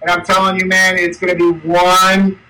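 A man's voice: high-pitched, monotone, normal speed, pushed and bright. A man co-hosting a casual talk show, speaking in a promotional way with many fillers and restarts. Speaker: co-host. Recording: distant from the mic.

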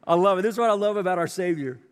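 A man preaching a sermon as a pastor, telling the story in an animated way and acting out what people say, with sighs. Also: sits high, very fast, clean tone. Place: church auditorium. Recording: long reverb of a large hall.

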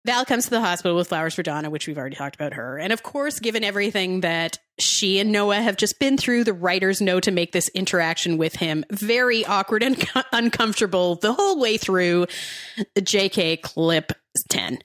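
A woman co-hosting a podcast, recapping a TV show in casual chat with quick asides and frequent laughs. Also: mid-range voice, animated, fairly bright tone. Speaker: podcast co-host.

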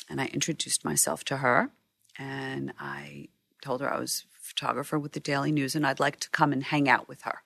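A woman photographer telling stories in an interview, animated and acting out what people said, with frequent restarts. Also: a bass voice, brisk, vocal fry, no room sound. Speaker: news photographer. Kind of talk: storytelling in a sit-down interview.

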